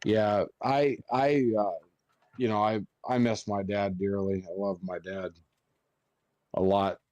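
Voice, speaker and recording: A man's voice: fairly low pitch, level tone, slow, a little mellow, no echo, dull audio. A man who works as a funeral director, chatting on a podcast and swearing freely as he tells stories. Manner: swears a lot while telling stories. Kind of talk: casual podcast chat.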